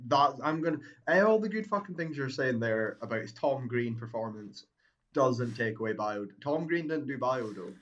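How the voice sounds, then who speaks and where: A man's voice: mid-range voice, animated, moderate pace, a bit bright. A man co-hosting a podcast, talking bluntly with lots of swearing in casual chat. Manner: blunt, swears a lot, frequent "like" fillers. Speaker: podcast co-host. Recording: dull lo-fi mic.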